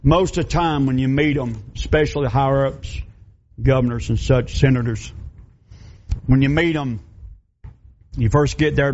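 A middle-aged pastor tells a story in his sermon, using folksy, emphatic, repeated phrases. His mid-range voice has a darkish tone, captured on a dull lo-fi recording with a bit of hiss or hum.

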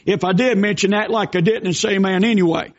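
An older man delivers a sermon in a strikingly high voice. He swings between shouted exhortation and folksy storytelling. The recording is dull and lo-fi. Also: quick pace. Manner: preaching with shouted bursts and folksy asides. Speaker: pastor. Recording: dull lo-fi sound.

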